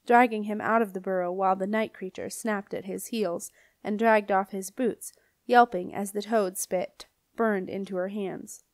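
A woman narrates a children's fantasy audiobook in a steady, clear voice at a middle pitch. The recording is dry and close to the mic. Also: moderate pace, no room sound. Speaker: audiobook reader. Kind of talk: scripted narration.

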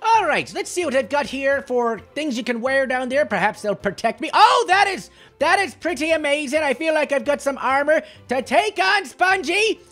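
A man voicing a clumsy, short-tempered male leprechaun with a put-on Irish accent, giving boastful, shouty commentary on a game. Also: very high-pitched, expressive, moderate pace, hardly any pauses, soft background music. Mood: excitable. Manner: giddy, boastful, shouty taunting. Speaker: gameplay commentator.

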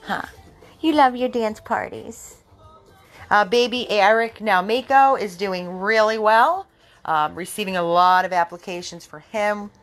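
A woman's voice: mid-range voice, measured pace, a bit bright, faint music behind. A woman running a dog rescue, chatting casually to viewers and cooing at her dogs in baby talk. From Florida.

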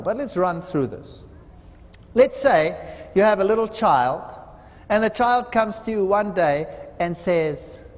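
A man preaching a seminar sermon, telling parables with dramatic voices for the people in them. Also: sits high. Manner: dramatic storytelling, acts out quoted voices. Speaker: seminar speaker. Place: large hall. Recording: reverberant hall.

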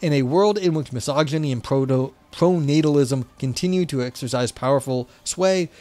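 A man's voice: medium pitch, darkish tone. A man with a New York accent, hosting a livestream, reading an academic paper aloud and then chatting loosely with lots of fillers. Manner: reads academic text then chats loosely with many fillers.

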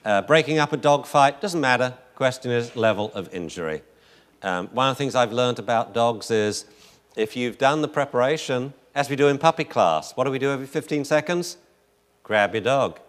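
Man, dog training instructor, rambling jokey lecture, average pitch. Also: a bit bright. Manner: jokey, rambling storyteller, laughs often. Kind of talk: lecture with anecdotes.

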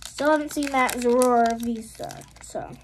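A woman's voice: a little high, measured pace, background noise. A woman vlogging a trading card unboxing, reading out card names and exclaiming over the good pulls. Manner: excitable, gasping and exclaiming at pulls; reads card names in a list. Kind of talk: casual unboxing commentary.

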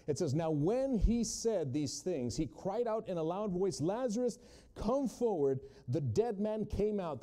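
A man preaching a sermon from the pulpit. His voice sits a little high for a man but has a deeply mellow, dark tone. He moves from hushed storytelling into loud, emphatic calls. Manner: testimony-driven, swings from hushed to loud emphatic quotes.

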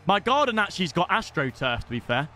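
A young British man commentating live on his own gameplay, excitable and casual, swearing freely and shouting at big moments. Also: high voice, fast talker, soft background music. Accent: British English. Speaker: gaming streamer.

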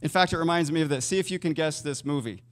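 A male pastor preaches a sermon in a church sanctuary, talking conversationally and putting questions to the congregation. His voice sits on the high side and he speaks fast, with a long reverb tail and a little hiss or hum in the recording.

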